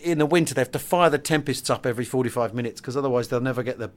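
A man's voice: medium pitch, racing. A man co-hosting a casual history podcast chat, rambling with many restarts and fillers. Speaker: podcast co-host.

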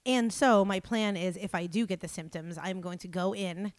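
A woman's voice: medium pitch, normal speed, no room sound. Woman podcast co-host, casual comic storyteller, mid-range voice, dry studio sound. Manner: animated, laughing, self-mocking storyteller. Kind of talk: casual chat.

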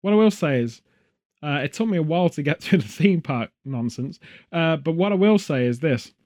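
A man hosts a loose podcast chat, rambling between stories and dropping jokey asides and puns. His voice sits a little higher than most men's. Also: expressive, normal speed, a little mellow. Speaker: podcast host. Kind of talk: casual chat.

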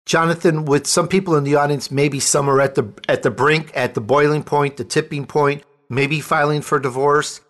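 A man's voice: fairly high pitch, steady tone, moderate pace, hardly any pauses, a bit bright. A man hosting an interview show, speaking in an enthusiastic, effusive way. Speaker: talk show host. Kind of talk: interview conversation.

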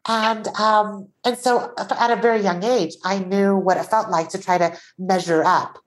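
A Taiwanese-born woman, an author and podcast guest, talking earnestly in an animated conversational way. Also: mid-range voice, a little slow, poor audio.

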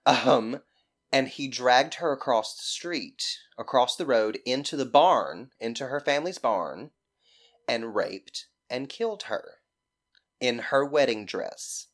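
A woman's voice: very deep voice, expressive, slow. A woman from Mississippi with a thick Southern accent, telling a story casually as a podcast guest, rambling and swearing freely.

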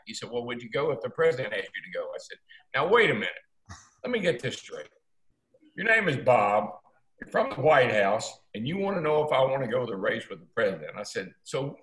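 A man's voice: medium pitch, fairly quick, roomy sound, poor audio. Folksy older man telling a story. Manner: folksy, animated, acts out quotes. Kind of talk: casual storytelling.

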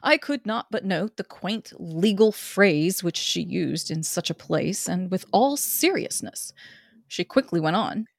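A woman podcast co-host narrating a novel aloud in a steady, earnest way. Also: on the low side, measured pace, creaky, husky, no room sound, studio quality.

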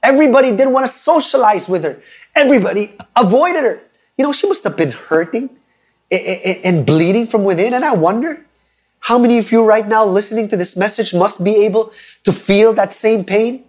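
A man's voice: high-pitched, a little fast, a little mellow. A man in his thirties preaching an online sermon, earnest and emphatic, telling stories and asking listeners to type responses.

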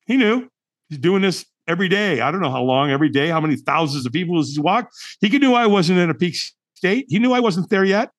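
A middle-aged man, a podcast guest, telling a personal story in an animated, emphatic way and acting out the dialogue. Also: high voice, a little fast. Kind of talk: storytelling in conversation.

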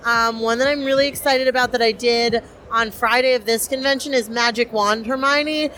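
A woman's voice: a little high, steady tone, moderate pace, fairly bright tone, a little hiss or hum. A young woman cosplayer, chatty and enthusiastic with many fillers, interviewed at a convention. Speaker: cosplayer guest.

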